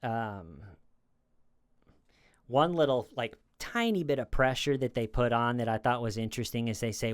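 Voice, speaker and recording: Casual rambling man, smooth dry voice. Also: mid-range voice, animated, normal speed, no echo. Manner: rambling, acts out quoted lines in a raised voice. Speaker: true crime commentator. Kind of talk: casual commentary.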